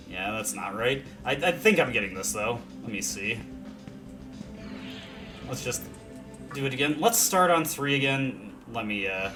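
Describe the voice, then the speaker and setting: A young man casually commenting on a video game as he plays, thinking aloud with many fillers and self-deprecating asides. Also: mid-range voice. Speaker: let's play commentator. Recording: faint game music behind.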